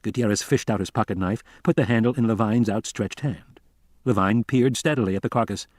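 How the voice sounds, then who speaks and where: A man's voice: lowish voice, fairly quick, darkish tone, dry recording, studio quality. A man reading a novel aloud as an audiobook narrator, telling it steadily. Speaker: audiobook reader.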